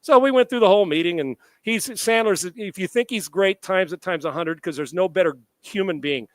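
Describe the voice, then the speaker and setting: A brisk, middle-aged male storyteller with a fairly high pitch delivers an animated anecdote on a live sports show, quoting both speakers and cursing often. There's no room echo; the sound is close and dry.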